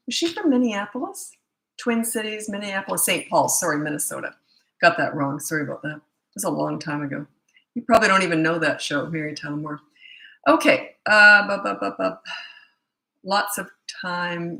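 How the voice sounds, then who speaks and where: A woman's voice: lowish voice, bright, forceful tone. A woman in her sixties from Canada, a parenting coach chatting casually on a live stream, rambling with fillers and self-corrections. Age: 60s. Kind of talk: casual live-stream chat reading viewer comments. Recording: echoey room.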